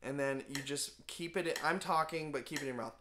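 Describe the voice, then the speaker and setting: A man's voice: fairly high pitch, a little fast, loud music behind the voice. Patient male band teacher. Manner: patient, explains simply with fillers. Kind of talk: casual music lesson.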